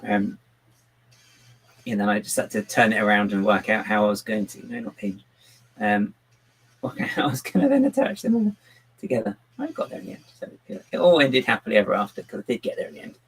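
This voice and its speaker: A man with a lowish, slightly husky voice talks casually on a live stream. His pitch swings widely as he mutters through his building and chats to a pet on his lap. He stays easygoing and chatty throughout. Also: expressive, fairly quick, rough recording. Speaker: livestreaming brick builder.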